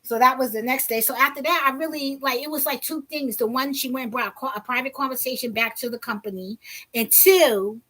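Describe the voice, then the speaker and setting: A woman vlogger telling a personal story in a casual, blunt, animated way, with some profanity. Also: high-pitched, fairly quick.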